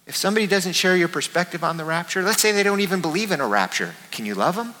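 A man preaching a sermon as pastor, emphatic, repeating his key words and swinging between soft and loud. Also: high-pitched, expressive, fast, few pauses, in a large hall, rough recording.

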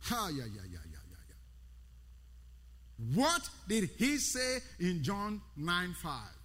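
Preaching slowly in a high, fairly bright voice whose pitch swoops wildly, a man repeats key words with mounting emphasis. He calls out to members of his congregation by name, and long hall reverb trails his words.

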